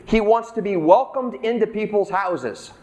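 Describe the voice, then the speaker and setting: High-voiced casual preaching man. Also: moderate pace, a little mellow. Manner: conversational, acts out the characters' lines. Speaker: pastor. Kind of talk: sermon.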